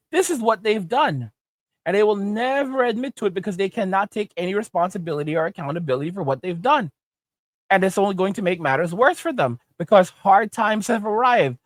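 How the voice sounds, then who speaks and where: Man, channel host, opinion rant, emphatic, repetitive, highish voice, dry recording. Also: no room sound. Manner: emphatic, repetitive, tag questions.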